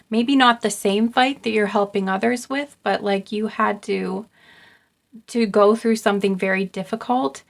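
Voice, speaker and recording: Young woman tarot reader, flat even delivery, hesitant and repetitive, gentle encouraging reading. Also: mid-range voice, gravelly. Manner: soft, halting, repeats herself, many ums. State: getting choked up. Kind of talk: intuitive pick-a-card reading.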